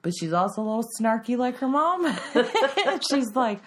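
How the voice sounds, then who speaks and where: A woman's voice: fairly high pitch, moderate pace. A woman, telling stories in a casual chat, laughing often and acting out the voices of others. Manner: animated storytelling, laughs often, acts out voices.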